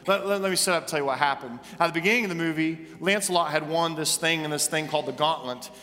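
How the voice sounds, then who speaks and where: A male pastor tells a story and drives his point home with animated, emphatic repetition. His voice sits somewhat high and sounds bright and forceful. It rings through a church with a long reverb and faint music underneath. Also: quick pace. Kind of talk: sermon. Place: church sanctuary.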